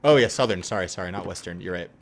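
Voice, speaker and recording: A man's voice: sits low, racing, gravelly. A young adult man streaming, chatting casually in a rambling way, full of fillers and swearing and often laughing. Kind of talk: casual chat.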